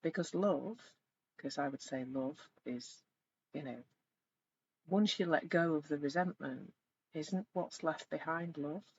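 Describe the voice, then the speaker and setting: A middle-aged woman coaching in a live online session, speaking reflectively and gently and growing animated when she retells stories. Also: deep voice, unhurried, husky. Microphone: video call. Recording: slightly dull lo-fi sound with faint noise.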